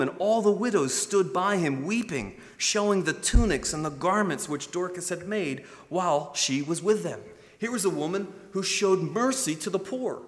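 Preacher man in a reverberant church. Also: fairly high pitch. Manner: storytelling preacher, acts out quoted voices. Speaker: pastor. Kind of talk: sermon. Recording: long hall reverb.

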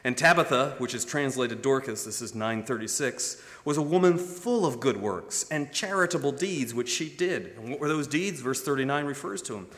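A man's voice: medium pitch, expressive, normal speed, hardly any pauses, fairly bright tone. A man preaching a sermon, telling stories and acting out the voices of the people in them. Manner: storytelling preacher, acts out quoted voices. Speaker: pastor. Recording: long hall reverb.

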